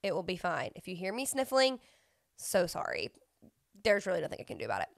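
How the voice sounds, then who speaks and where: A woman's voice: lowish voice, big pitch swings, a little fast, vocal fry, dry recording, studio quality. A young woman hosting a podcast, telling stories in a casual chatty way, sniffling from a runny nose and filling her talk with "like". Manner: chatty, sniffly, filler-heavy storytelling. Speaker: podcast host. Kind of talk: casual chat.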